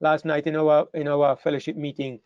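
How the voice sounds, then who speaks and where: In a church hall before a live congregation, an earnest male preacher delivers a sermon in a fairly high voice, talking a little fast with a flat delivery. He repeats phrases and builds to emphatic peaks. The recording is dull and dry, with no room sound.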